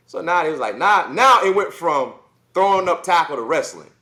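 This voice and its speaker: A man in his forties from South Carolina, telling stories in a casual podcast chat, animated and repeating words as he goes. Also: on the high side, normal speed. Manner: animated, repeats words, acts out kids' voices. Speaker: former football player guest.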